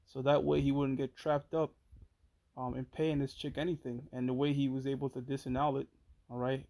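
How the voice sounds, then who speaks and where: Slangy man with a mellow, higher voice. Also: poor audio. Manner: slangy, swearing, reads out documents and verses. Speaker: show host. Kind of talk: casual commentary.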